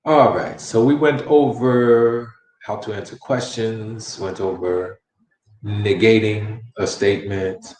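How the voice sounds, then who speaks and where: A man's voice: fairly low pitch, steady tone, takes it slowly, darkish tone, roomy sound, slight background noise. A man teaching a casual Spanish lesson, repeating phrases and modeling question inflection with encouragement. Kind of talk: casual online language lesson.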